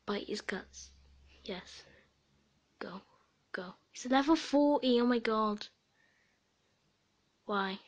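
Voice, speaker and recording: Young woman, casual game commentary, giggly, whispered asides, slow pace. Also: a little high. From Sweden and Britain. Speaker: gaming video creator.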